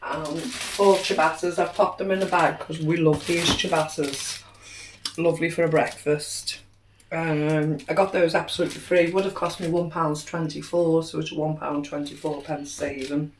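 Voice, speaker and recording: A woman's voice: low-pitched, fairly even intonation, moderate pace. A middle-aged woman chatting casually through a grocery haul, cheerfully tallying prices and savings. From United Kingdom. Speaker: vlogger. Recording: roomy echo, distant mic, faint noise.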